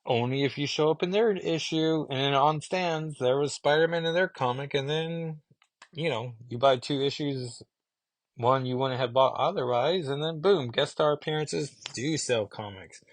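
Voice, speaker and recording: A man's voice: mid-range voice, normal speed, no room sound. A man casually reviewing comic books, rambling with fillers and asides.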